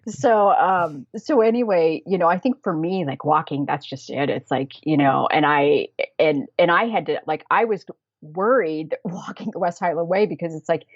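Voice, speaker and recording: An American woman telling travel stories in a casual podcast interview, chatty and quick to laugh, with many fillers. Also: low voice, dry recording. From United States. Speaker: guest, travel planner. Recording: dull, dry lo-fi audio.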